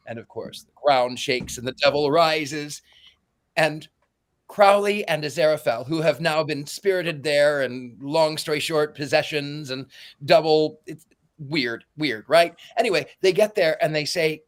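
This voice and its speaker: Rambling man recapping a plot, slightly high. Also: animated, a little slow. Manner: rambling, stumbles and repeats words. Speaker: podcast host.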